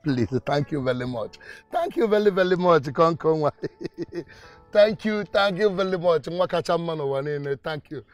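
Casting: Nigerian man as a schmoozing local politician, high voice, gushing thanks. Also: expressive, moderate pace, dry recording, soft background music, natural voice. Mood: effusive. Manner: coaxing, effusive thanks. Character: smooth-talking male party politician. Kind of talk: film acting.

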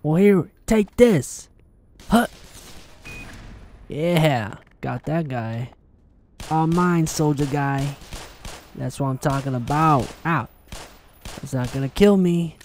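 A man giving excitable let's play commentary, swearing often and taunting his enemies as he plays. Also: fairly high pitch, slow pace, long pauses, slight background noise. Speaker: gaming channel host.

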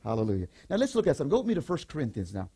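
An older male pastor delivers a sermon with a husky, mellow voice that rises high and swoops widely. He preaches in an animated way, repeating lines and asking the congregation to say them back. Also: very fast. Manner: animated preaching with repetitions and call-and-response.

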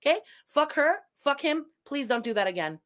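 Canadian woman streamer swearing and mocking a vlog, bright sharp voice, kinda high. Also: big pitch swings, moderate pace. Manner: profane, sarcastic ranting. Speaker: commentary streamer. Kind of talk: reaction commentary over a video.

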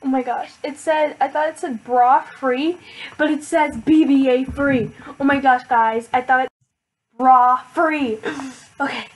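A teenage girl vlogging an unboxing, hyper and excitable, with lots of filler words. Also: sits high, a little slow, slight background noise, poor audio. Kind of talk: casual unboxing vlog.

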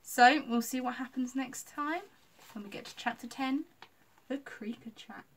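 A woman reading a children's story aloud, lively and expressive. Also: high-pitched, unhurried, far from the mic.

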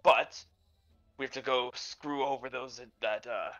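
A man's voice: medium pitch, fairly even intonation, measured pace, highs cut off, heavy background noise. A man playing in a tabletop game, chatting and joking casually with the group. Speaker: player.

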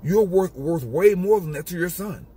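A man's voice: high voice, moderate pace, mellow, breathy edge. A man giving an emphatic, repetitive motivational monologue in a casual street style. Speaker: motivational speaker.

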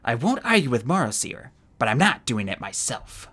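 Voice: medium pitch, very animated, moderate pace, fairly bright tone, husky. An audiobook reader voicing Webbs, an uneasy, reluctant adult male dragon. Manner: uneasy, snappish.

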